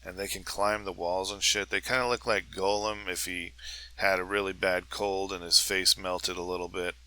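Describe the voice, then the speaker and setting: A man with a low voice hosts a comedy podcast, rambling through crude jokes. His tone is bright and forceful, and he keeps the chatter loose. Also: flat delivery, moderate pace, clean tone, poor audio. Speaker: podcast host. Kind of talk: comedic monologue.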